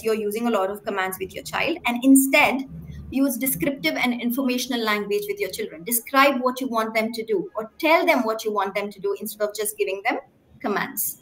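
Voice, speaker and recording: A woman's voice: a little high, a bit bright. A woman speech therapist giving an emphatic talk to parents, often checking in with "right?" and asking the audience questions. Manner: clear, emphatic teaching with frequent "right?" check-ins.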